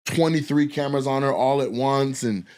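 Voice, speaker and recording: A man's voice: medium pitch, normal speed, clean tone. A man hosting a podcast, telling a long, rambling, profane story in a casual way. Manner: profane, animated, rambling with restarts. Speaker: podcast host and comedian.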